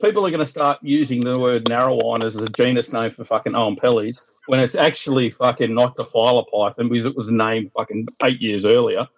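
A man's voice: medium pitch, fairly quick, few pauses, no echo, muffled recording. An Australian man ranting bluntly and swearing constantly as a guest on a casual podcast call.

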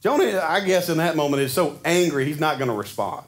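A man's voice: a little high, animated, a little fast. A man preaching a sermon in a conversational way, often putting rhetorical questions to his congregation. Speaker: pastor.

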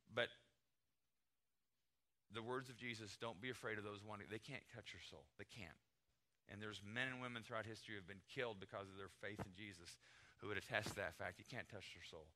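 A middle-aged pastor from the United States, with a medium-pitched voice and sharp tone, preaches a sermon. His style is conversational yet emphatic, and he acts out short everyday dialogues.

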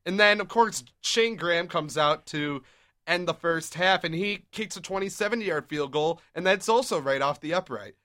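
A young man hosts a casual sports talk show, steering the chat with quick, upbeat recaps of the game. His voice is forceful and bright, sitting a touch high for a man. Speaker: podcast host.

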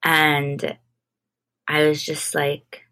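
A young adult woman, a guest in an interview, telling her story in a relaxed, casual way with frequent "like". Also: sits low, drawn-out words. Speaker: guest, entertainment manager.

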